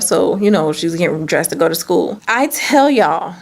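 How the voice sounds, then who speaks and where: A woman telling a candid, animated personal story in a vlog, swearing freely. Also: fairly low pitch, normal speed, vocal fry. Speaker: business owner and vlogger.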